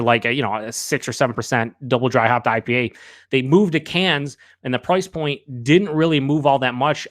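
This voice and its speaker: In a clean studio recording with no room sound, a man with a mid-range, fairly bright voice hosts a live beer review. He rambles candidly with fillers, swears at times, and reads out comments from viewers' chat.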